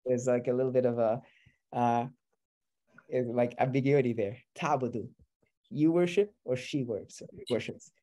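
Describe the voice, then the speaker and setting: A man's voice: medium pitch, moderate pace, mellow. A man teaching a beginner class, explaining patiently step by step. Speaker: Arabic teacher.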